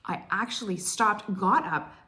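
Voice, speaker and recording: A woman's voice: medium pitch, measured pace. A woman, gushing through a chatty cross stitch vlog story with lots of "like". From Canada. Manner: excitable, gushing, heavy use of "like".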